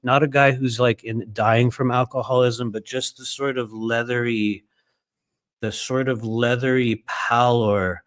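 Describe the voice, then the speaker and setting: A man's voice: mid-range voice, smooth, no echo. A man in his fifties telling a story to his viewers in a casual, rambling way, with many fillers and repeated phrases. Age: 50s.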